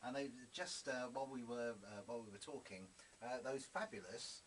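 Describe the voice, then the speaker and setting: A man's voice: mid-range voice, moderate pace. A man hosting an evening radio show, chatting enthusiastically in the studio with plenty of hesitant fillers. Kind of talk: casual studio chat. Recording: noisy broadcast recording.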